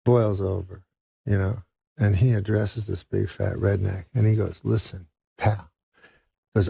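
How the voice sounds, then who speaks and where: Man, comedian, gravelly and husky, deadpan rambling, dry muffled lo-fi recording. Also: lowish voice, no room sound. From Canada. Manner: long halting setups, many "uh" and "you know". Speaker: comedian telling jokes. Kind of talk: rambling deadpan joke-telling. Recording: dull lo-fi sound.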